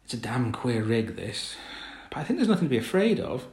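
A man playing a gruff, blunt fisherman who talks in rough sailor slang, recorded with a roomy echo. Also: medium pitch, sing-song, brisk, darkish tone. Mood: urgent.

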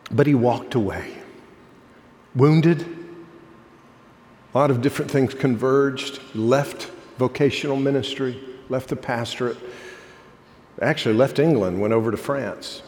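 A man preaching a sermon as pastor, telling a story, then building to impassioned emphasis before dropping soft. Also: medium pitch, a little slow, long pauses. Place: church sanctuary. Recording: long hall reverb.

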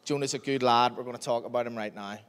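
Animated preacher in a hall. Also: male voice, mid-range voice, fast, a little hiss or hum. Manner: lively, animated storyteller who acts out dialogue. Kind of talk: storytelling sermon. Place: church hall. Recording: long hall reverb.

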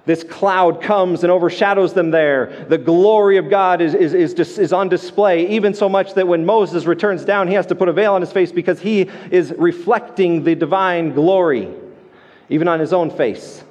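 Male pastor, casual sermon voice pitched a little high, stumbles and restarts, in a church with long reverb. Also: normal speed, a little mellow, muffled recording. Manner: conversational, many restarts and repeated words. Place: church sanctuary.

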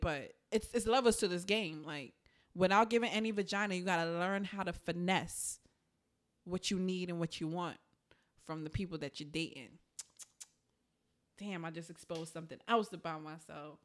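A woman's voice: on the low side, moderate pace. A young woman co-hosting a podcast, chatting casually, joking, laughing a lot and trailing off. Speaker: podcast co-host. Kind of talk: casual chat.

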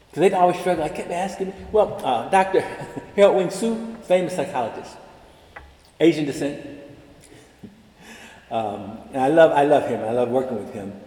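A man of about seventy giving a convocation address in a large chapel, telling personal stories and acting out the dialogue. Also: fairly high pitch. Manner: animated storyteller, acts out dialogue. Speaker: convocation speaker. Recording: echoey chapel with long reverb.

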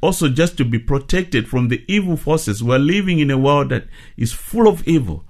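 A middle-aged man from South Africa, a ministry leader giving earnest, measured testimony in a radio interview. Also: mid-range voice, lively intonation, a little mellow.

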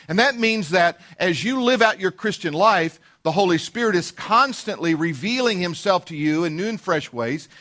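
High-voiced male pastor, folksy sermon. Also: fairly bright tone. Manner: folksy storytelling with many fillers and restarts.

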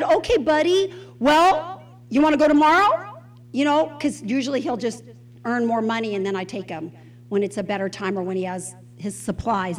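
A woman teaching a Bible study in an expressive, conversational way, putting questions to her listeners. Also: fairly high pitch, rough recording.

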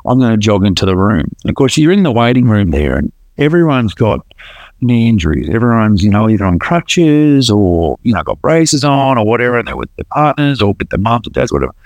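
Medium-pitched and a bit quick, with no echo, this man tells the podcast host his story. His retelling is earnest and animated, and he keeps starting sentences over.

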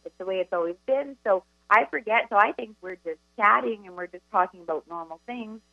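A woman co-hosting a live spiritual talk radio show as a medium, chatty and animated as she tells stories. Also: mid-range voice, gravelly, no room sound, lo-fi sound. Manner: chatty, animated storyteller, quick asides. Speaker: psychic medium co-host.

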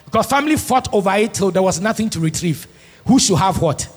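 A pastor preaching a sermon, moving from soft asides to shouted, sung-out lines. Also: male voice, sits high, animated, a little fast, husky. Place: large church hall. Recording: long church hall reverb.

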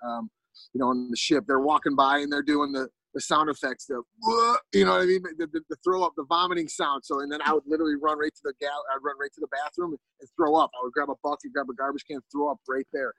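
Gravelly, husky man telling a story. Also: medium pitch, fairly bright tone, dry recording, low-quality recording. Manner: rambling, lots of fillers and restarts. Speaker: podcast guest. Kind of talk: casual storytelling.

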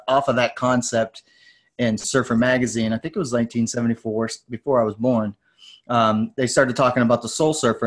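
A man in his forties, a podcast guest, telling stories in a loose, rambling way and jumping into lively voices when he quotes people. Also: mid-range voice. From United States. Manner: rambling, tangent-prone, animated when quoting others. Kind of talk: casual storytelling interview.

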